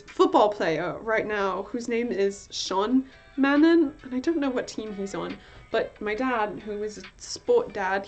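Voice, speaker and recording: A woman's voice: mid-range voice, darkish tone. Rambling young woman streaming her art. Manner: rambling, giggly, lots of fillers. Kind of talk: casual chat while drawing. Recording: dull lo-fi stream audio with faint music.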